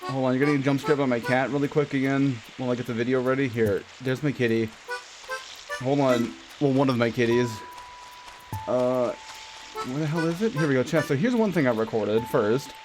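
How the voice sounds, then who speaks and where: Chatty game streamer, mid-pitched. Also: fairly quick, over music. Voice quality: rambling, chatty, self-correcting. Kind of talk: casual live-stream commentary over gameplay.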